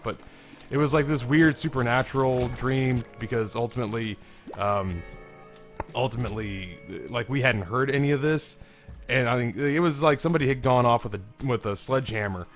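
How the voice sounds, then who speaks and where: A young man talks over a game at a middle pitch, his voice thick and stuffed-up from being ill. He rambles, swears freely and jokes at his own expense. Faint music plays underneath. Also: fairly bright tone. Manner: rambling, self-deprecating, swears casually. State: congested, sick voice. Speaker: gaming commentator. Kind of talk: casual let's-play commentary.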